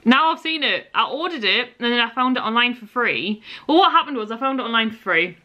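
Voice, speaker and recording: A woman's voice: on the high side, animated, brisk, muffled recording. A young woman chatting casually to a handheld camera in a vlog, tired and out of breath, rambling from one story to the next. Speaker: vlogger.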